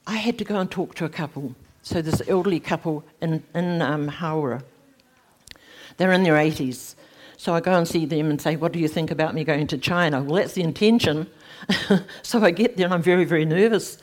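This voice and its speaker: A middle-aged woman, giving a personal faith testimony in animated storytelling, her voice leaping high at emotional moments. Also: normal speed. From New Zealand. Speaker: speaker sharing a testimony.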